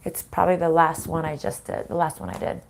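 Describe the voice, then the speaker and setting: A middle-aged woman giving a casual spiritual reading, frank and animated, swearing freely and laughing often. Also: low voice, fast, creaky, a little hiss or hum. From Italian-American family. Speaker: spiritual reader and channel host.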